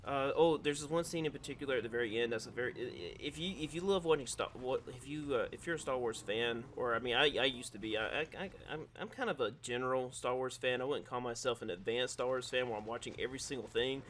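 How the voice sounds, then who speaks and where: A man talks through his thoughts on a game in a loose, analytical voice-over. He rambles and restarts sentences as he works out what he means, at an ordinary mid-range pitch. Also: fast talker, hardly any pauses, fairly bright tone, slight background noise. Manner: rambling, analytical, self-correcting. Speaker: gaming video creator.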